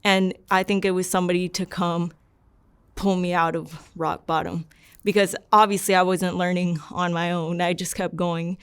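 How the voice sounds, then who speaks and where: A young woman in an interview, earnestly recounting a personal story in a rambling, soft-spoken way with lots of "like". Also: lowish voice, little pitch movement, moderate pace, clean tone. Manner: rambling and earnest, leans heavily on "like". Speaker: interview subject.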